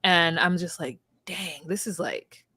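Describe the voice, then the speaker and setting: Animated woman in casual podcast chat. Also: fairly low pitch, slow pace, breathy edge, no echo. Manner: animated, emphatic retelling with frequent fillers.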